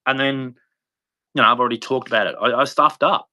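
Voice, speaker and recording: A man hosting a livestream, delivering a rambling, impassioned religious monologue with sudden jumps in pitch. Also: fairly quick, bright, forceful tone. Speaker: livestream host.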